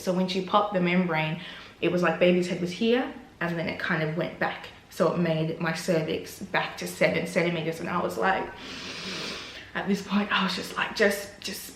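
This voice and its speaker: A woman's voice: fairly low pitch, moderate pace. A young woman, telling her own birth story in a candid vlog and acting out what she said. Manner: animated, acts out her own quotes with laughter. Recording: roomy echo.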